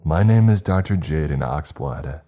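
A man's voice: very deep voice, expressive, moderate pace, warm tone, faint music behind. A man voicing a stern, insistent male doctor demanding to be let in.

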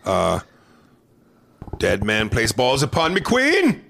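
A man hosting a comedy podcast, telling profane, animated stories in casual chat. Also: lowish voice, normal speed, creaky, slight background noise.

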